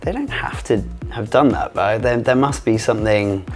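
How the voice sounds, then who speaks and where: A man hosting a radio interview, asking questions in an easygoing, soft-spoken way. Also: fairly low pitch, moderate pace, soft background music. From Britain. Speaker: radio presenter. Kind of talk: casual interview chat. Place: radio studio.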